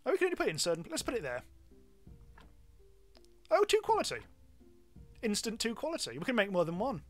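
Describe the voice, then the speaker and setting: A British man commentating a game stream in a loose, rambling, self-mocking way. His voice sits a touch higher than most men's. Faint game music plays quietly behind him. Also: very animated, rapid-fire. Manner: chatty, rambling, self-mocking with frequent ums. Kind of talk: live gameplay commentary.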